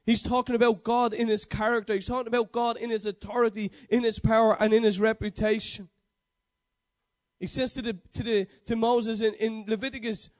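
A man's voice: high-pitched, flat delivery, brisk. A man preaching a sermon, building emphatic repeated declarations and often correcting himself mid-sentence. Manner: emphatic, repetitive declarations with frequent self-corrections.

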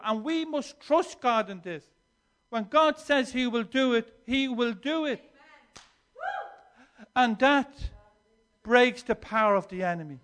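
Speaking a little slowly in a strikingly high voice, this preacher shifts between quiet reflection and strong, emphatic statements in his sermon, frequently starting over and repeating words to drive a point home.

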